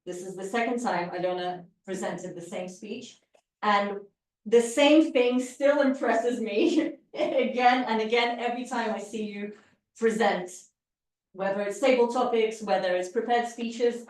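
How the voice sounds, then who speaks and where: A woman's voice: medium pitch, a little slow, darkish tone. A woman giving an encouraging live evaluation of a speech at a public speaking club, demonstrating vocal emphasis. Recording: echoey room, distant mic.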